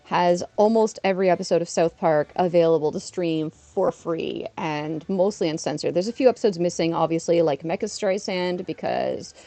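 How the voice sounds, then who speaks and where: A chatty woman in her thirties streams a mobile game and rambles through asides. She laughs easily, and her voice sits mellow and warm on a dry, close mic. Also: fairly low pitch, normal speed, hardly any pauses, no echo. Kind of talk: casual live-stream chat while gaming.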